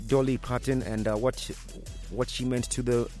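Hesitant radio host. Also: male voice, mid-range voice, little pitch movement, moderate pace, a little mellow, soft background music. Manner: hesitant, many fillers. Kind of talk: news commentary.

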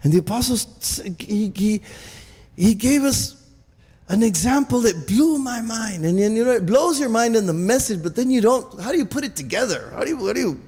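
A man preaches in a high, gravelly voice. He is emphatic and repetitive, stumbling over restarts. His words ring with the long reverb of a church hall. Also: lively intonation, normal speed, a little mellow. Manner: emphatic, repetitive, with many restarts and stammered repeats. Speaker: pastor. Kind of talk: sermon.

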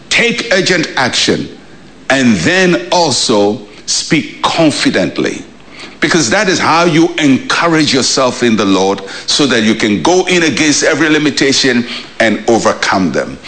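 A man preaching a short devotional sermon as a pastor, emphatic, with dramatic pauses. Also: medium pitch, a bit bright, poor audio.

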